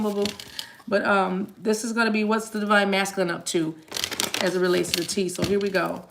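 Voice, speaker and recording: A woman's voice: mid-range voice, steady tone, fairly quick, vocal fry, background noise. A woman giving a live tarot reading, talking straight to her viewers in a chatty, spiritual way. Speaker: tarot reader.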